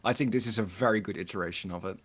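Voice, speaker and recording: A man's voice: lowish voice, racing. Self-mocking man chatting casually. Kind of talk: casual chat.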